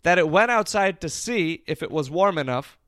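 Comedy podcast man, excitable improviser, slightly high voice, dry close sound. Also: moderate pace, no echo. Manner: excitable, jumps to wild theories.

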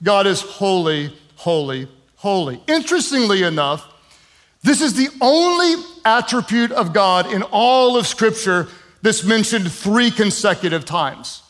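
A man preaching with a notably high voice. He talks conversationally, with "um" fillers, hammering points home through repetition and easing the sermon with humorous asides. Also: expressive, measured pace, a bit bright. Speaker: pastor.

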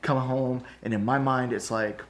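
A pastor in casual conversation, telling a candid, self-deprecating story with lots of fillers. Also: male voice, mid-range voice, steady tone, moderate pace.

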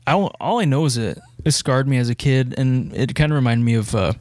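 A man's voice: medium pitch, fairly quick, a little mellow, a little hiss or hum. An American man co-hosting a casual movie podcast, easygoing, with lots of ums and laughs. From United States. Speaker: podcast co-host.

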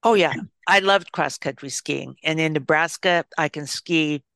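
An older woman, an author and psychologist, speaking as a guest in an interview, reflecting and telling stories with gentle restarts. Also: deep voice, measured pace, gravelly, dry recording, clean studio sound. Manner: thoughtful storyteller with gentle restarts.

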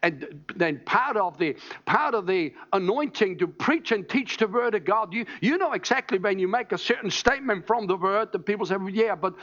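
A high-pitched man delivers a sermon, teaching with emphasis and pausing to check in with his listeners. The recording sounds dull and muffled. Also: animated, a bit bright. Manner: emphatic, teaching, asks "All right?" often. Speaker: preacher.

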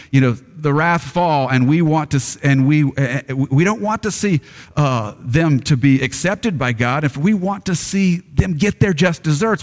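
A male pastor preaching an emphatic, repetitive sermon with frequent restarts. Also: on the high side. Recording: long church reverb, level drops far from mic.

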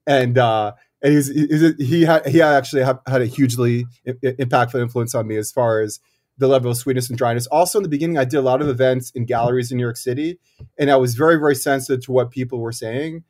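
A man's voice: mid-range voice, fairly even intonation, darkish tone. A cider maker speaks in an ordinary middle voice, casual and thoughtful. He stops and restarts often, filling gaps with ums as he explains. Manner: thoughtful, halting, many fillers and restarts. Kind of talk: casual interview talk.

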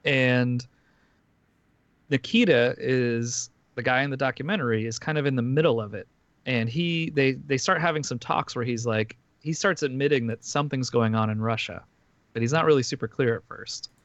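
A man in casual podcast chat, talking through a story in loose, filler-heavy runs and restarting his sentences often. His voice sits at an ordinary pitch. The sound is dry and a little muffled. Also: moderate pace, dry recording. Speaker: podcast host recapping a documentary.

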